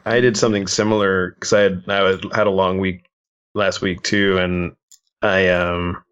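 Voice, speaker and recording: A man with a very deep voice co-hosting a casual podcast, telling a meandering anecdote and swearing as he goes. His mic has a dull, lo-fi sound. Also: flat delivery, moderate pace, fairly bright tone, smooth. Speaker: podcast co-host. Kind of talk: casual storytelling chat.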